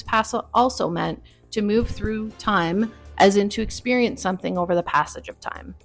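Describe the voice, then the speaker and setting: A woman hosting a podcast, reading a wry, explanatory script. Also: medium pitch. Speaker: podcast host.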